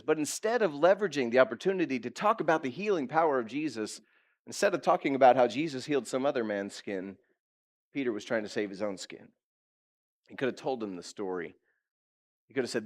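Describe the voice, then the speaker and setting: A male pastor preaching a sermon in a lively, conversational way, asking his listeners direct questions and acting out quotes. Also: mid-range voice, a little fast. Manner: animated preaching, acts out quotes.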